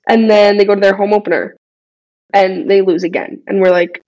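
Young woman, podcast guest, casual chat, animated storytelling, mid-range voice. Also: medium pitch, a little fast, muffled recording. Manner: animated storyteller, many fillers.

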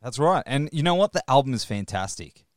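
A man's voice: mid-range voice, very animated, brisk, no room sound, studio quality. An Australian man hosting a podcast interview, friendly and chatty, sometimes apologetic. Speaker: podcast host. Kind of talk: casual interview.

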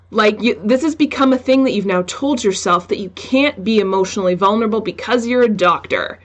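A woman hosting a relaxed podcast conversation. She talks in quick, animated bursts and keeps breaking into little quoted asides, with her pitch sitting mid-range. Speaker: podcast host. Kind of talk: casual interview chat.

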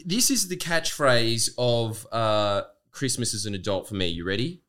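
A man's voice: medium pitch, animated, a little slow, a bit bright. A man in a casual podcast chat, making dry, joking remarks.

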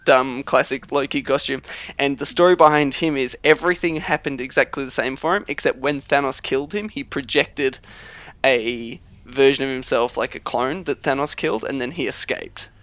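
A man co-hosting a podcast, chatting casually with lots of fillers and quick laughs. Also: medium pitch, fairly bright tone, lo-fi sound. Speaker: podcast co-host. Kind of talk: casual chat.

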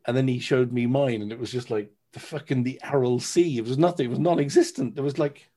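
Podcast guest, man in his thirties, husky voice, candid and animated storyteller. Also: mid-range voice, fast talker, few pauses. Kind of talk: casual storytelling.

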